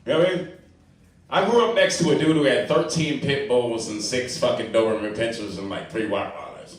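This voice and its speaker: A man's voice: medium pitch, brisk. A man doing open-mic stand-up, loose and profane, with many rhetorical asides. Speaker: stand-up comedian. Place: comedy club stage. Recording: very echoey room, distant mic.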